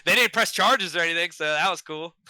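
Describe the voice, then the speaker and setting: A man chatting casually as a podcast guest, telling a story with lots of profanity and slang and plenty of excitement. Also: sits high, moderate pace, no room sound, poor audio.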